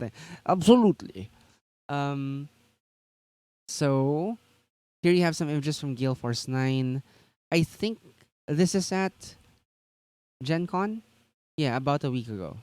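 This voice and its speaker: A man's voice: mid-range voice, a little mellow, dry recording. A man co-hosting a tabletop gaming news stream, chatting casually and rambling with lots of fillers and restarts.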